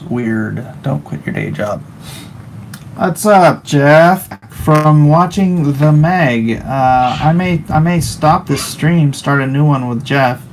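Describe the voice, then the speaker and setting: Gravelly, slow-talking man streaming. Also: mid-range voice, a little hiss or hum, low-quality recording. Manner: rambling, wry, reads chat aloud. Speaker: artist live-streaming while drawing. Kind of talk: casual live-stream chat.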